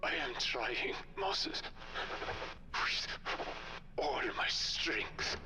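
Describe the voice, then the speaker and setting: A man's voice: mid-range voice, huge pitch swings, extremely slow, over music, full character voice. An actor playing an exhausted man fighting to stay awake, speaking in a faint whisper from a game. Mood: weary. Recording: distant game audio with hiss.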